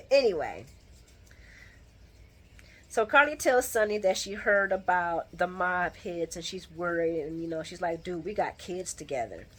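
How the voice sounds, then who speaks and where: Lively, bright-voiced woman giving a sassy recap. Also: mid-range voice. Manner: sassy, talks back to the characters, laughs often. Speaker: soap opera recap vlogger. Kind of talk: casual recap commentary.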